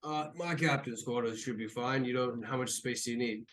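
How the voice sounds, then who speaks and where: Guy putting on a gruff giant sea captain, blunt and sweary, middle pitch, tabletop game. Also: moderate pace, a bit bright, natural voice. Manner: blunt, swears, curt judgments. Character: gruff towering male ship captain, blunt and crude.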